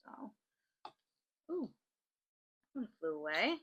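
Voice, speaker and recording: A woman's voice: medium pitch, big pitch swings, slow, a bit bright, breathy edge, highs cut off. A woman hosting a crafting channel, chatting casually and joking as she reads out odd laws. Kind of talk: casual chat while crafting.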